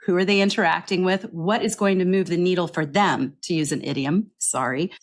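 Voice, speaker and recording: A woman with a lowish voice is interviewed on a podcast about her work as a pronunciation coach. She explains it earnestly, regularly pausing for a quick "right?"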